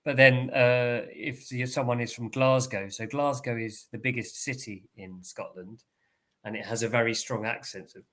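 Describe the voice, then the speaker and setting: An Englishman tutoring online, explaining patiently and clearly over a video call. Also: mid-range voice, steady tone, normal speed, a bit bright. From England.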